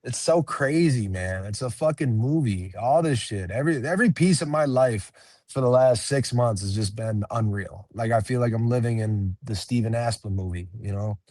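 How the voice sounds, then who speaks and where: A man's voice: medium pitch, moderate pace, a little mellow, dry recording. Laid-back swearing young man, dry sound. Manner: profane, laid-back, laughing often. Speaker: MMA fighter, interview guest. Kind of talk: casual interview chat.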